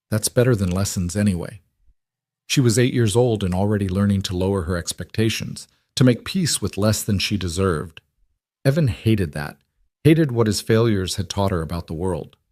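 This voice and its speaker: A man narrates a heartfelt story in an even, measured way. His voice sits fairly low. The sound is close and dry, with no room echo. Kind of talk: scripted narration.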